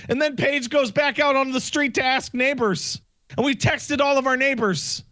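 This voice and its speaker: A man co-hosting a podcast, telling a story in a casual, animated way and acting out the dialogue himself. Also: very high voice, moderate pace. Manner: animated, acts out quoted dialogue. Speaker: podcast co-host.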